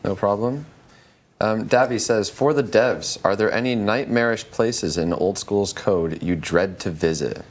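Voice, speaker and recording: A man with a deep voice hosts a live stream. He reads viewer questions aloud and chats in a loose, joking, easygoing way. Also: measured pace, slight background noise. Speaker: stream host reading questions.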